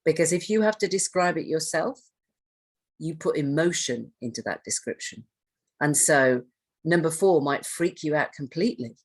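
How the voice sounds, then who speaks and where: A woman with a low, husky voice gives a training talk. She speaks conversationally, puts questions to her listeners and often starts a phrase over. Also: normal speed. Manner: conversational, asks the audience questions, restarts phrases. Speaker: trainer on hoarding and self-neglect. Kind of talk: training presentation.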